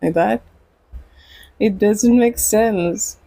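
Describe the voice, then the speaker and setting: A woman's voice: mid-range voice, drawn-out words, gravelly, mellow, breathy edge, no room sound, faint music behind, rough recording. A woman streamer chatting casually while gaming, rambling and giggling often. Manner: giggly and rambling, with frequent laughs and restarts. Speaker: game streamer.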